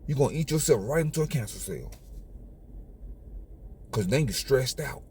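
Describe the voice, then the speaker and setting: A man's voice: mid-range voice, lively intonation, moderate pace, darkish tone, a little hiss or hum. A man hosting his own channel, lecturing viewers in a preachy, repetitive monologue. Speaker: channel host.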